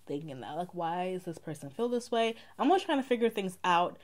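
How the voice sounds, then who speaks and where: Young woman vlogger, mixed Saint Lucian and Bronx accent, slightly low voice, rambling and casual. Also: sing-song, a little fast. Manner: chatty, rambling, many "like" fillers. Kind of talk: casual get-to-know-me vlog.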